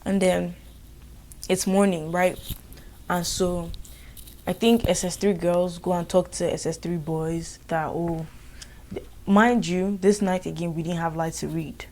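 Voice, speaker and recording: A young woman with a Nigerian accent tells a school story for her vlog. She sounds animated and exasperated, and her voice sits on the lower side. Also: a little slow, long pauses. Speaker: vlogger.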